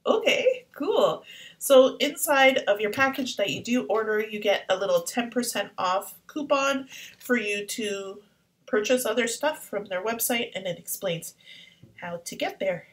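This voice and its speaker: A woman vlogging an art-supply unboxing, gushing and excitable, often dropping into whispers. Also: medium pitch, unhurried, low-quality recording. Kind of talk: casual unboxing vlog. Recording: faint background noise.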